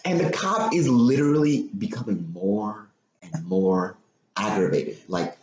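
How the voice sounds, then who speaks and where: A man with a fairly low voice, speaking a little slowly, hosts a podcast and animatedly retells a story in casual chat, swearing and repeating himself. The lo-fi audio comes from an echoey room with faint noise.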